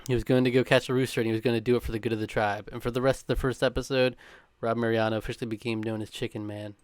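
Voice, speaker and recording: A man reads a countdown script at a quick clip, now and then breaking into a chuckle. His voice is smooth and crisp, and the recording is dry and close, with no room sound. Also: medium pitch, little pitch movement, dry recording. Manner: brisk, chuckling between lines. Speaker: co-host reading a countdown. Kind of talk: scripted read with casual chat.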